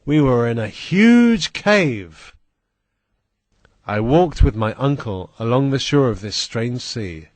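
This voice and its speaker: A man reading a first-person adventure story aloud in a slow, deliberate, plain manner. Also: medium pitch, very animated, dry recording. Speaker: audiobook reader.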